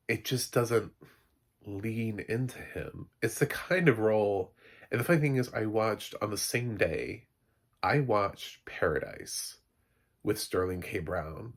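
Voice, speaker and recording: A man giving a casual, blunt spoken review of a TV show, exasperated and laughing in asides. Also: lowish voice.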